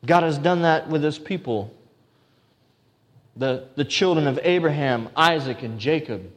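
A man's voice: fairly high pitch, measured pace. A man preaching a sermon as pastor, earnest, with restarts and emphatic repetition. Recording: long hall reverb.

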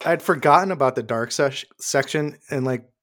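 A man's voice: mid-range voice, moderate pace, a bit bright. A man co-hosting a casual movie podcast, laid-back and joking.

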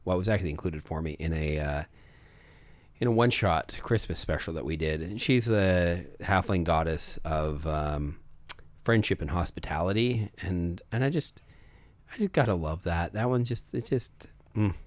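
A man's voice: low voice, moderate pace, dry recording. A man who runs tabletop games, chatting casually and earnestly with some hesitation. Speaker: podcast co-host, game master.

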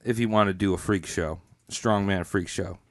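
A man's voice: deep voice, steady tone, moderate pace, no room sound, clean studio sound. A man hosting a podcast, telling a history story in a rambling, joking way, often laughing, a little tipsy. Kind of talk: casual comedic storytelling.

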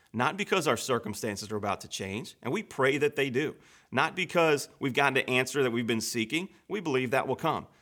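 A man pastor giving an earnest, conversational devotional sermon, slowing down and speeding up for emphasis. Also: mid-range voice, pushed and bright.

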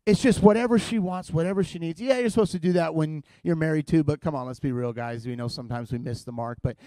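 High-voiced man joking from the pulpit. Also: fast, dark tone, no echo. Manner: playful, teasing, self-mocking humor. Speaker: guest preacher. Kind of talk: humorous sermon opening. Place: church stage before a live congregation.

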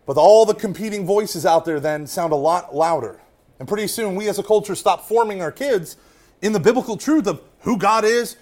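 A man giving a lively faith talk to a room of listeners, swinging from loud emphasis to hushed asides and often checking in with "right?". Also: sits high. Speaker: Catholic speaker.

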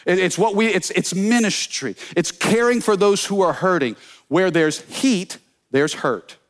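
Man, pastor, high voice, energetic sermon, call-and-response, humorous stories. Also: unhurried. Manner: storytelling with humor.

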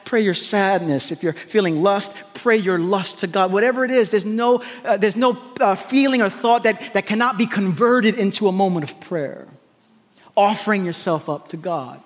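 A man with a high voice delivers a sermon to his congregation in a large hall with a long, echoing reverb. He preaches emphatically, doubling back on his phrases and throwing quick asides to the people in front of him. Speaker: pastor.

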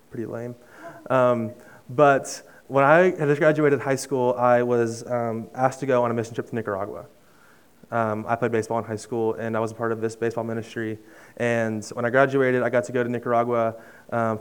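A young man preaching in a smooth, resonant voice at an ordinary middle pitch. He talks earnestly and conversationally, restarting his phrases, and sinks to a near-hush on heartfelt lines. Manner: drops to a soft hush on emotional lines. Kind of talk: sermon with personal story.

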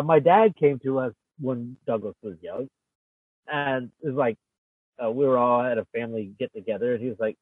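A man telling stories from his childhood in a casual, halting, rambling way. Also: mid-range voice, slightly rough, no echo. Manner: rambling, halting, self-interrupting. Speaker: podcast guest. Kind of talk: casual storytelling chat. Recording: tinny phone line.

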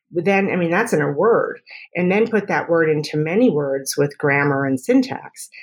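Chatty woman speech therapist, explaining. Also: sits low. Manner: explanatory, tags points with "right?"; thinks aloud, restarts and small laughs. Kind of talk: conversational interview answer.

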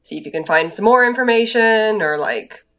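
A woman co-hosting a podcast, chatting in a relaxed way and filling gaps with "like" and "uh.". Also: mid-range voice, moderate pace. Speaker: podcast co-host. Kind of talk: casual chat. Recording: dull lo-fi mic.

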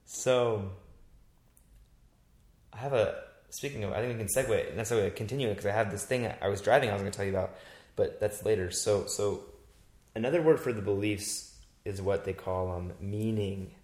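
A man's voice: fairly low pitch, moderate pace. Rambling man talking in a roomy echo. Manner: animated, rambling storyteller who acts out his own past thoughts. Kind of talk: casual chat.

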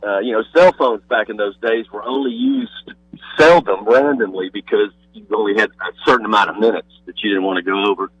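A man calling into a radio show, a former pastor telling a folksy anecdote in a relaxed way. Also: fairly low pitch, fairly quick, muffled recording. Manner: warm folksy anecdote teller. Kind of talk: casual phone-in chat.

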